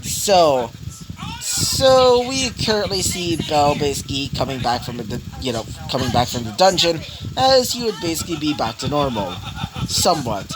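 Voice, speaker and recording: A man narrates a fan story casually, rambling along with constant fillers and restarts. His voice sits a little high. His pitch swings widely. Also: big pitch swings, moderate pace, poor audio.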